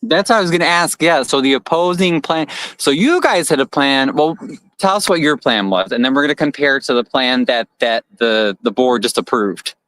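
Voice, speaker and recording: A man hosting a livestream interview, asking quick, curious questions full of fillers. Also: medium pitch, animated, fairly bright tone, no echo, rough recording. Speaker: host.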